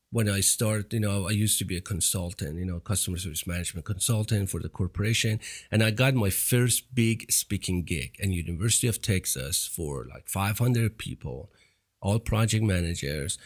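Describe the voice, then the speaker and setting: Accented man hosting a podcast. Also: lowish voice. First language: not English. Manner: accented English, many "you know" fillers and restarts. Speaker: podcast host. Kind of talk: casual interview chat.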